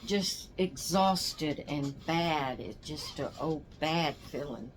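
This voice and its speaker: A woman's voice: low voice, slow, slight background noise. Tired older woman chatting casually. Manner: rambling, tired, yawning. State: exhausted. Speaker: doll channel host. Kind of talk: casual chat to camera.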